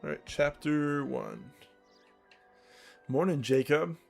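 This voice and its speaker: Gravelly man chatting over a game. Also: fairly high pitch, slow pace, soft background music. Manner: relaxed, amused asides. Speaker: let's play commentator. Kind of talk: casual gameplay commentary.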